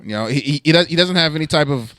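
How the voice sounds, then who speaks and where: A man's voice: a little high, animated, very fast, bright, forceful tone, dry recording, clean studio sound. A man co-hosting a podcast in casual banter, stammering and repeating words as he runs a mock-serious bit. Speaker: podcast co-host.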